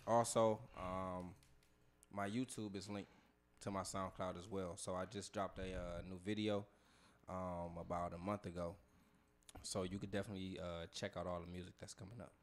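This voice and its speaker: A man appearing as a musician guest on a radio show, calm and a little hesitant while sharing where to find his music. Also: low voice, normal speed. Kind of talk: casual radio guest chat.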